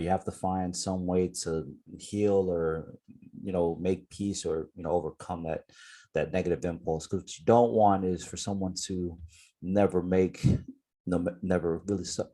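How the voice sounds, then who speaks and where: A man with a deep, slightly husky voice talks through his ideas on a casual podcast. He thinks aloud, circles back and fills pauses with "you know" and "right?" as he builds his point. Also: warm tone. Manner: reflective, explains points at length with fillers. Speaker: podcast co-host.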